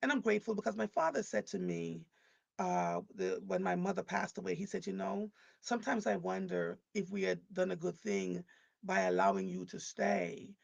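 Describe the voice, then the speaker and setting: A middle-aged woman from Jamaica, hosting a live broadcast and telling personal stories in an animated way, acting out what people said and repeating points for emphasis. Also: medium pitch, normal speed, gravelly, breathy edge, muffled recording. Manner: animated storyteller who acts out quoted speech and repeats points for emphasis. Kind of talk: personal storytelling on a livestream.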